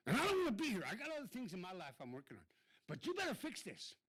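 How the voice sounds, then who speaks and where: A man's voice: sits high, huge pitch swings, quick pace, a bit bright, rough recording. An irate man giving a blunt, swearing public comment at a city council meeting.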